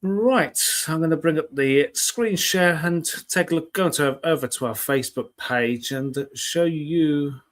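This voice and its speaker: A man's voice: fairly high pitch, unhurried, hardly any pauses. A man hosting a casual live weather chat show, talking in a chatty, rambling way and often correcting himself mid-sentence.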